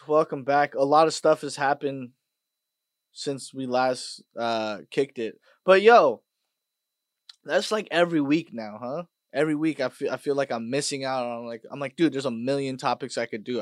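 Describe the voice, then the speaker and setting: A man hosting a podcast, ranting casually and profanely, dropping to mutters and then bursting out loud. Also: medium pitch, no echo, clean studio sound. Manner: profane, swings between mutters and loud outbursts. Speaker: podcast host. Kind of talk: casual rant monologue.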